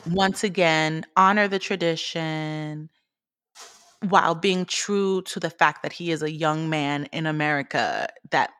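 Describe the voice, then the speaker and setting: A woman's voice: sits low, measured pace, a bit bright, clear, resonant tone, dry recording, clean studio sound. A young woman co-hosting a podcast in casual chat, laid-back and slangy, laughing easily. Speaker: podcast co-host.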